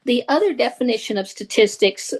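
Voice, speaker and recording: A woman's voice: fairly high pitch, expressive, fairly quick, slightly rough, low-quality recording. Woman lecturing with many fillers. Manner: hesitant, many fillers and restarts. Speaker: statistics instructor. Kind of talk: recorded lecture.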